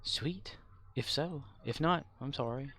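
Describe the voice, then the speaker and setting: A mid-range, slightly bright male voice speaks slowly as he streams a game, chatting in a rambling, talkative way and frequently laughing mid-sentence.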